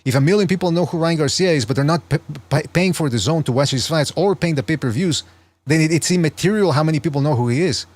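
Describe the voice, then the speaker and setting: A man's voice: on the high side, quick pace, darkish tone. A man hosting a casual sports podcast, explaining his points earnestly and often restarting his words mid-sentence. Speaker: podcast host.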